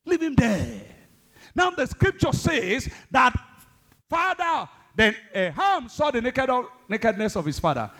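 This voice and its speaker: A man preaching a sermon, exhorting the congregation, swinging between loud high bursts and low asides. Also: big pitch swings, measured pace. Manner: exhorting, calls the congregation to respond. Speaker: pastor.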